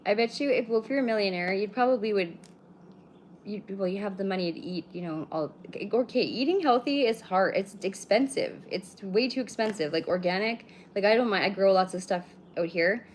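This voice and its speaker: Speaking briskly at a medium pitch, a British Columbia woman in her thirties answers her live stream viewers in a rambling, casual way, bluntly and with plenty of swearing. There's slight background noise.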